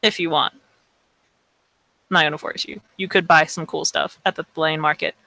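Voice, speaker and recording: A woman chatting casually and playfully while playing a tabletop role-playing game, rambling and excitable. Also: low voice, normal speed, gravelly, dry recording, poor audio. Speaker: player in a tabletop role-play. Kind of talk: casual in-character role-play chat.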